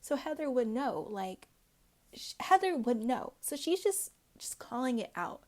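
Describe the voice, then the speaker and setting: A woman's voice: a little high, very animated, measured pace, darkish tone. A woman hosting a casual reality TV recap, talking in a chatty way full of "like" and "um". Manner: chatty, peppered with "like" and "um".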